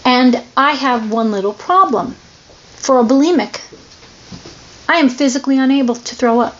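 Earnest confessional woman, slightly high voice. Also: moderate pace, fairly bright tone, highs cut off. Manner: earnest, confessional, emotionally open. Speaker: person sharing her struggles. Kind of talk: candid personal testimony.

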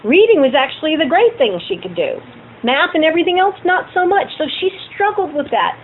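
A woman's voice: sits high, fairly quick. A middle-aged woman candidly telling personal stories to a group she leads. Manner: candid, animated storytelling with acted quotes. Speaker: group leader. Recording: tinny phone-like sound with faint noise.

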